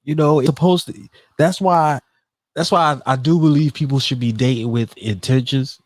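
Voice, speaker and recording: A man's voice: mid-range voice, moderate pace, no room sound. A man co-hosting a casual podcast chat, making his points emphatically and repeating himself.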